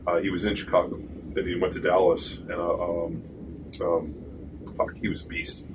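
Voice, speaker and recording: A man, a former pro football lineman and podcast host, telling profane, animated stories in casual chat. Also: low voice, normal speed. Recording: distant mic with noisy room.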